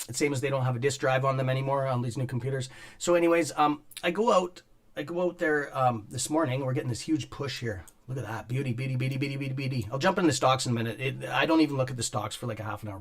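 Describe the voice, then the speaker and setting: A man hosting a casual stock market livestream from his home studio, rambling and swearing as he chats with viewers and keeps clearing his throat. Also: mid-range voice. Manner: rambling, profane, greets chat viewers by name. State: clearing throat and coughing often. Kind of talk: casual live-stream chat with viewers. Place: home studio on a top floor.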